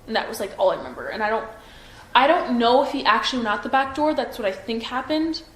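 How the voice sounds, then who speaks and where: Speaking quickly and expressively in a fairly high pitch, this twenty-something woman is a witness in a police interview. Her speech stumbles with fillers and false starts, and the recording carries roomy echo and faint noise.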